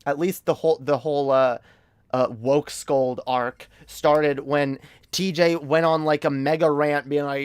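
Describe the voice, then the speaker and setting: A man's voice: a little high, steady tone, measured pace, clear, resonant tone, no echo. A man streaming a heated, casual commentary rant, emphatic and profane, often stumbling over repeated words.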